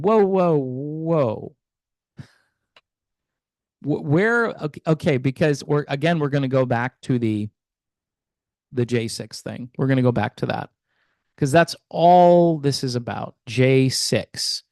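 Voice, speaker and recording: A man's voice: fairly high pitch, no echo. A man hosting a commentary channel, arguing skeptically with many rhetorical questions and hesitant restarts. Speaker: music commentary channel host. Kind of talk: opinion commentary vlog.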